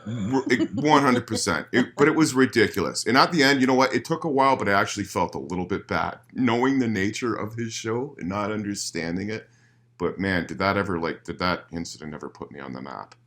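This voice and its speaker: Male musician guest, lowish voice, profane and animated storyteller, casual living-room interview. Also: a little fast.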